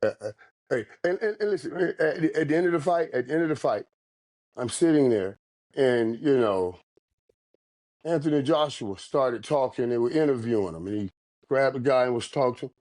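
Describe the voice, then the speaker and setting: A man on a sports talk show telling a story in an animated, rambling way. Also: mid-range voice, normal speed.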